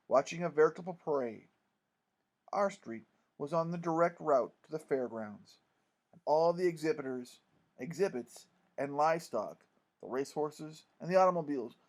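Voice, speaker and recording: Man narrating an audiobook expressively. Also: on the high side. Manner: lively, expressive storytelling.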